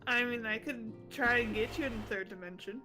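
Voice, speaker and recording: A woman's voice: on the high side, a little fast, over music. A woman in a group call chatting casually, with lots of fillers. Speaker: streamer's friend. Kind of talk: casual chat.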